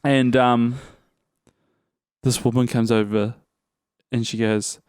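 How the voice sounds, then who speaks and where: A young man, co-hosting a podcast and telling an animated story in casual chat, acting out the people he quotes. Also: mid-range voice, slow pace, clean tone, dry recording. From New Zealand. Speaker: podcast co-host.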